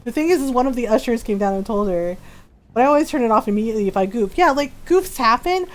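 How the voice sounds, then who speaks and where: A woman with a somewhat high voice chats on her live stream, spinning a story. She laughs often and acts out what people said as she goes. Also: lively intonation, fast. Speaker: game streamer. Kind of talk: casual chat on a live stream.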